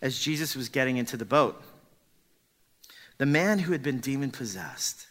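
A man's voice: medium pitch, animated, normal speed. A man preaching a sermon with dramatic emphasis, dropping to pleading whispers when he voices a character. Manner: rises to loud emphatic peaks.

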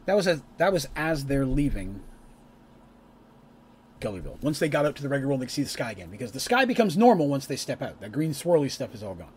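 A man's voice: mid-range voice, very animated, quick pace. A man telling the story of his tabletop game in a loose, chatty way, full of asides and restarts. His voice swings freely up and down, with a faint hiss of background noise. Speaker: storyteller recapping a tabletop campaign. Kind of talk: casual story recap.

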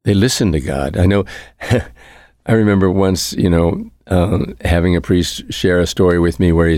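A man's voice: low-pitched, a little mellow, dry recording, clean studio sound. A male priest delivering a conversational homily, reflective in tone and repeating his key phrases for emphasis.

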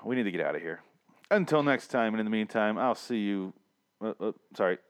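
A man's voice: fairly low pitch, lively intonation, clear, resonant tone. A man co-hosting a podcast, riffing in crude, sarcastic banter with his friend. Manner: sarcastic, riffing, quick to mock. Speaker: podcast co-host.

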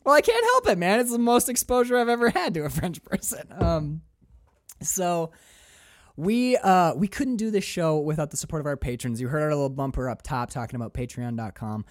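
A man co-hosting a casual film podcast, energetic and jokey, laughing often. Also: a little high, moderate pace, no echo. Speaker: podcast co-host.

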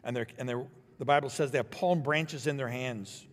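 A man preaching a sermon as pastor, building to emphatic swells and then dropping low and quiet. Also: moderate pace, in a large hall, slight background noise.

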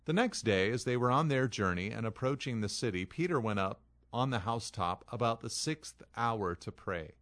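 A man's voice: mid-range voice, lively intonation, normal speed, few pauses, a bit bright. A man preaching an expository sermon, reading scripture aloud and then explaining it in an earnest way, leaning hard on key phrases. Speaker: pastor.

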